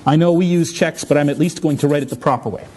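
A man from North America giving a conference talk, telling a story in an animated, self-mocking way. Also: fairly high pitch, fast talker, a little hiss or hum. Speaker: conference speaker.

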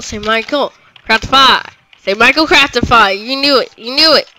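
A man giving excitable let's play commentary, groaning and yelling at the game as things go wrong. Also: very high-pitched, moderate pace, a little hiss or hum, low-quality recording. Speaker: gamer.

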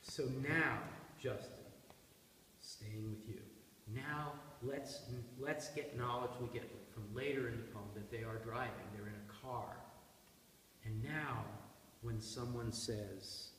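A man leading a classroom poetry discussion, quizzing students with a lively, playful manner. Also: mid-range voice, slow. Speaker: seminar leader. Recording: echoey room from a distance, faint hiss.

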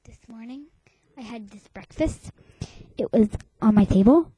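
A woman's voice: a little high, lively intonation, moderate pace, warm tone, breathy edge, no room sound, low-quality recording. A woman hosting a homemade webcam show in a playful, rambling way, often dropping into a whisper. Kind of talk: casual webcam chatter.

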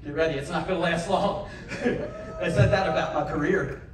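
A man's voice: on the high side, normal speed. A man doing comedy patter from a stage, joking with the crowd and urging it to cheer. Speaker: variety performer. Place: large cruise ship theater. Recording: echoey theater filmed from far off. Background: audience noise.

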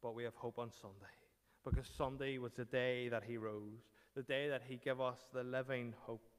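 Guy preaching a sermon, punchy dramatic lines, smooth voice, big echoey church. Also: medium pitch, steady tone, normal speed. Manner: dramatic preaching with emphatic short phrases. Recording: church hall reverb.

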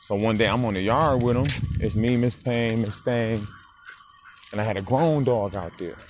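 A man in his forties telling a story in a casual vlog, animated and swearing as he talks straight to the viewer. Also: fairly low pitch, moderate pace, slight background noise. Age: 40s. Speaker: dog breeder. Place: outdoors walking a dog.

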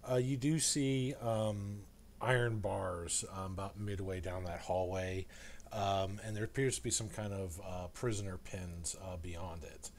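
A man narrating as game master of a tabletop game, describing scenes in a halting way with many fillers. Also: deep voice, steady tone, slight background noise.

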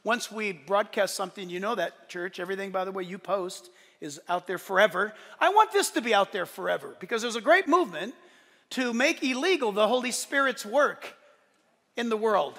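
A man preaching a sermon to his church, animated and swinging from loud declarations to soft, joking asides. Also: sits high, moderate pace, in a large hall. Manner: playful, joking asides to the congregation. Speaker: pastor. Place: church service.

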